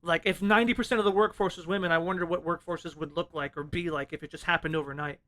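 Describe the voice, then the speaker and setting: A man's voice: a little high, steady tone, quick pace, pushed and bright. A man chatting casually about a film on a podcast, laid-back and profane, often laughing. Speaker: podcast co-host.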